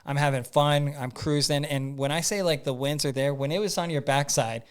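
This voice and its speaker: A man telling a story as a podcast guest in a casual, animated way, acting out his own thoughts and using lots of fillers. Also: on the high side, normal speed, clean tone. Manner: frequent "like" fillers and repeats.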